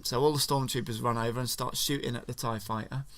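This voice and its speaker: A man casually retelling a film as a story to his child, relaxed and playful. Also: mid-range voice, fast talker, no room sound.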